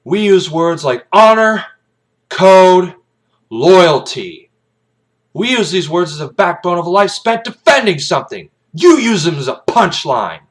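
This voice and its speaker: A man playing a hardened older Marine colonel who lectures with pride and scorn and builds to shouting. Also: high-pitched, very animated, a little slow, pitched above the performer's own voice. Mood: fierce.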